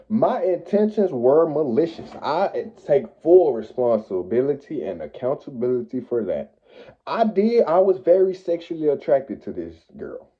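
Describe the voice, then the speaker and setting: Young man, storytime vlogger, swinging pitch, heavy profanity, phone-quality audio. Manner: profane, animated street slang, swings loud and high when retelling. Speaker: vlogger telling a personal story. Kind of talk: casual storytime monologue.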